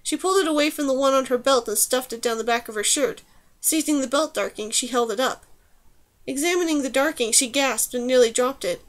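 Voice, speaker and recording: A woman reading a fantasy novel aloud as audiobook narrator, in an even, measured way. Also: high-pitched. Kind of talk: scripted narration.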